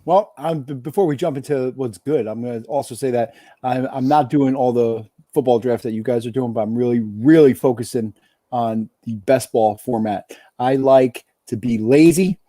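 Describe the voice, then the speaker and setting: A man's voice: medium pitch, moderate pace, dark tone, no room sound. A man co-hosting a podcast in casual chat, laid-back and rambling. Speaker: podcast co-host.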